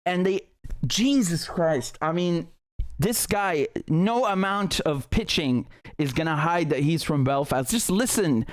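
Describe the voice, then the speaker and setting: A man's voice: on the high side, lively intonation, a little slow. A man hosting a live stream, commenting on news footage in an indignant, emphatic way with frequent swearing. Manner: many fillers and restarts while ranting.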